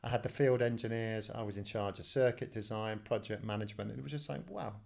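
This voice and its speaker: Speaking fast in a lowish, steady, creaky and slightly mellow voice, an English telecoms director in his fifties shares his career story as a studio guest. It's a casual storytelling interview, and he's chatty and self-deprecating, restarting often.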